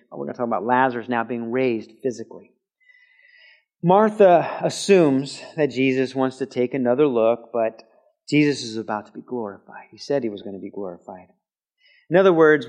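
A man preaching in a church sanctuary, teaching in a conversational way and breaking into loud shouted quotes now and then. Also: mid-range voice. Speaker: pastor. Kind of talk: sermon. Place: church sanctuary with a mic system.

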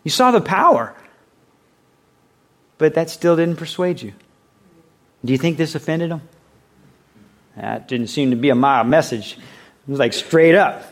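A man's voice: a little high, moderate pace, pauses often. Conversational male pastor preaching. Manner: conversational, acts out quoted voices; reads scripture aloud. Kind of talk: sermon.

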